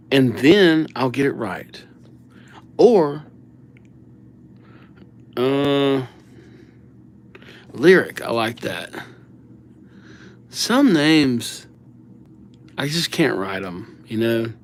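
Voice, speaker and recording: Male livestream host, casual and easygoing, unhurried delivery, mid-range voice, chatting to viewers at a desk mic. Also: medium pitch, a little hiss or hum. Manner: easygoing, reads viewer names aloud while writing.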